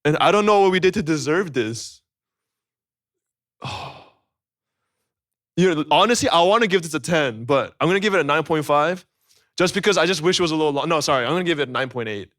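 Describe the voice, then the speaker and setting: A man hosting a live stream, reacting to an album with excited, profane, joking chatter. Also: a little high. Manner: excitable, profane, joking, rapid rating talk. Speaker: livestream host reacting to an album.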